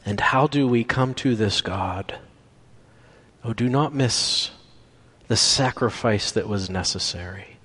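A man's voice: on the low side, fairly bright tone. A man preaching a sermon, building emphasis through repeated phrases, then dropping to near-whispers on key words. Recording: long reverb from a large hall.

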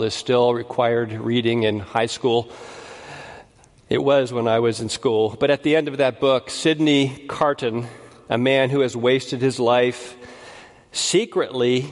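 Slow, deliberate preacher in a reverberant hall. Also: male voice, mid-range voice. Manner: deliberate, rising to emphatic scripture reading. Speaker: pastor. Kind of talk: sermon. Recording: long reverb of a large hall.

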